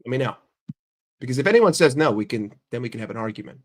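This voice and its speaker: A man's voice: medium pitch, big pitch swings, fast. Profane, heated male football streamer. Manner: questions the chat directly. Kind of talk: livestream football rant.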